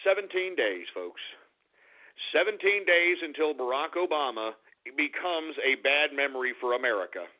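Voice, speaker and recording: Angry ranting radio host, high and gravelly. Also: male voice. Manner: angry, profane, shouting at listeners. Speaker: radio talk show host. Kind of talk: ranting political talk radio. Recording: tinny phone-like internet radio audio.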